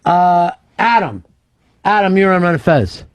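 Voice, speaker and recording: A man hosting a talk radio show, telling a story in casual, profane, excitable chat. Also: high voice, unhurried, dry recording. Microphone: studio mic.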